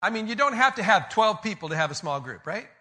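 A man with a high, very bright voice delivers a relaxed, conversational sermon. He retells stories in other people's words and drops joking asides to the congregation. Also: quick pace. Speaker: pastor.

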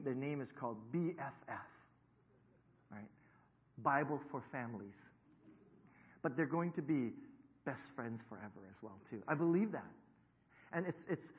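A man in his fifties preaches in a church, joking and talking easily with his congregation. His voice sits a little high for a man. The recording sounds dull and lo-fi. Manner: jokey, self-deprecating, chatty with the congregation. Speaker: pastor. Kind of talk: sermon. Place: church sanctuary.

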